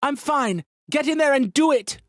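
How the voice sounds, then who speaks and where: A male narrator playing a determined young woman speaks in a raised, lifted voice, urgent and steady. Her lines sit close and dry, with no room around them. It is an audiobook character voice. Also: on the high side, moderate pace, dry recording, voice pushed up, close to an everyday voice. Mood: commanding. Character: brave, determined young woman under pressure.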